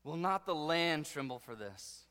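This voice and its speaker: A man preaching a sermon with passion, dropping to a hush and then rising to loud declarations. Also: on the high side, animated, unhurried. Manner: impassioned preaching, swinging between hushed and loud. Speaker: pastor. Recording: long hall reverb.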